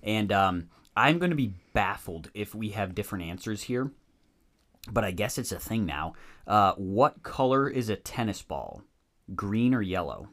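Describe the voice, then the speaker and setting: A young man co-hosting a podcast in casual chat, laid-back and quick to laugh, bringing up topics from his notes. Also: fairly low pitch, animated, fairly bright tone. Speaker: podcast co-host.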